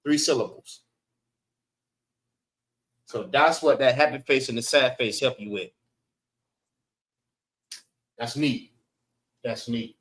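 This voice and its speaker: A man's voice: medium pitch, takes it slowly, long pauses, a bit bright, echoey room, recorded from a distance. A man teaching a language class, patiently breaking words into syllables for his students. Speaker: class instructor.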